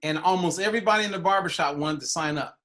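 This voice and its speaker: A male podcast host in casual chat, telling a lively anecdote. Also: a little high, quick pace. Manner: animated anecdote teller.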